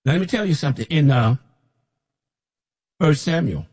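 A man preaching as a prophet in an impassioned sermon, repeating himself and rising to shouts when mocking others. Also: a little high, expressive, moderate pace, breathy edge. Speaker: self-styled prophet preacher.

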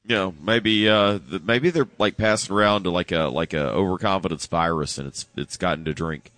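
A man's voice: low voice, fairly quick, a bit bright, no echo. A man co-hosting a sports talk radio show, casual and wry, walking through the schedule with rambling asides. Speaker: radio co-host.

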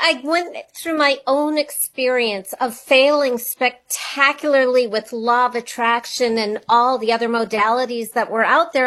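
High-voiced, unhurried woman guest. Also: fairly bright tone. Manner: earnest, reflective, piling up questions. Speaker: guest author and money coach. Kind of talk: radio interview talk.

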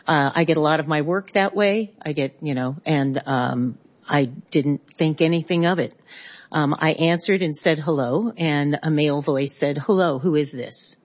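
A middle-aged woman from California speaks as a witness at a hearing, her voice sitting low. She talks haltingly and pauses to restart her sentences. The recording sounds dull and lo-fi. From California, USA. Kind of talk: spoken testimony.

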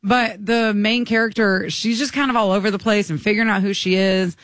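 A woman co-hosting a morning radio show, telling stories in an animated, gushing way. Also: mid-range voice, a little fast, no room sound, studio quality. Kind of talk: casual chat.

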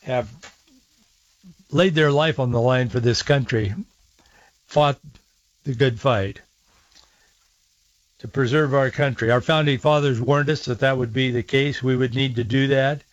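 A man's voice: medium pitch, steady tone, measured pace, long pauses, dry recording, dull audio. A male host retelling a news story in a conversational, digressive way, restarting phrases as he goes.

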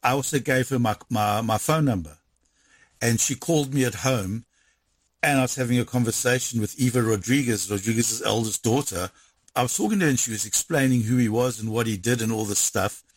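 A man recounting events, animated and re-enacting dialogue in quick bursts. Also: mid-range voice, breathy edge, no echo. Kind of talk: conversational storytelling.

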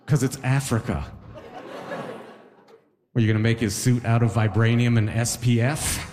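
A man doing a conversational stand-up comedy set on stage, animated and chatty, acting out little voices. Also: medium pitch, moderate pace, noisy background.

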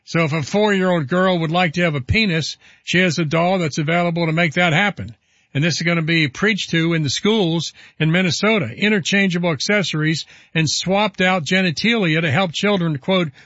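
A man's voice: sits high, fairly bright tone, dry recording. A man hosting a talk radio show, delivering an indignant, emphatic monologue and reading headlines aloud. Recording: dull lo-fi broadcast audio.

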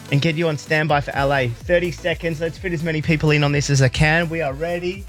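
A man's voice: fairly high pitch, fairly even intonation, fast talker. A man with bronchitis, hosting a radio contest with playful, jokey patter over a music bed. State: sick with bronchitis. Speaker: radio host.

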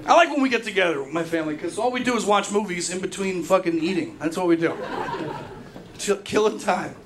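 A young male comedian tells brash, profane stories in a high, quick voice. A steady hiss of noise runs under the whole set. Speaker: stand-up comedian. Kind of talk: stand-up routine.

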